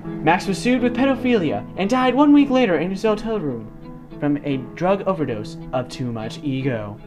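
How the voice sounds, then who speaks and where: A young man narrating a mock documentary in a deadpan, mock-serious way, with guitar music behind. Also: sits high, moderate pace.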